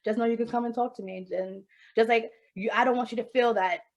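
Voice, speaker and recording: A woman's voice: a little high, steady tone, fast, highs cut off. A woman co-hosting a podcast, talking openly and emotionally about happiness and swearing freely. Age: adult with a child. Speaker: podcast co-host. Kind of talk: candid casual chat.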